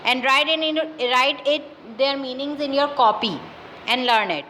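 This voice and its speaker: A woman teacher with a Pakistani English accent giving a class lesson, dictating words slowly and repeating them with many fillers. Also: high voice, pushed and bright, a little hiss or hum, rough recording. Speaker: school teacher.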